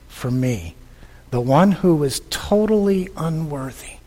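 Impassioned preacher, high lively voice. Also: male voice, slow, in a large hall. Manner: impassioned, repeats phrases, swings between loud and hushed. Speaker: pastor. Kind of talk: sermon.

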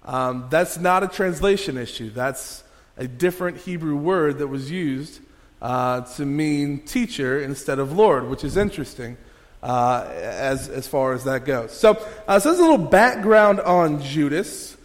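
A pastor delivers a sermon with a somewhat high-pitched male voice, talking in a loose, conversational way full of fillers and restarts. His voice rings with a long reverb, as if filling a church sanctuary. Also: animated, unhurried.

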